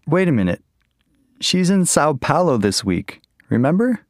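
A man's voice: on the high side, very animated, measured pace, no room sound, clean studio sound. A man giving short, plain replies in a scripted dialogue for an English course. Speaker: speaker in a scripted textbook dialogue.

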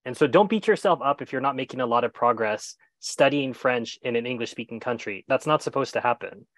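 A man giving casual advice on a video call, animated and enthusiastic, and often restarting mid-phrase. His voice sits at a middling pitch. The sound is dry and close, with no room echo. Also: a little fast. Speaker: guest expert on moving abroad.

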